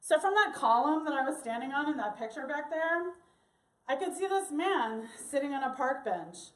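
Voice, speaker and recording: A woman telling a personal story to an audience in an animated, expressive way. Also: high voice, moderate pace, reverberant, recorded from a distance. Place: church hall.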